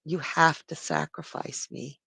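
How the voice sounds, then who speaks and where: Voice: medium pitch, a little slow, gravelly, sharp tone, slightly rough, no room sound, full character voice. A storyteller voicing a solemn golden ram. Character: golden ram, calm and resigned to die.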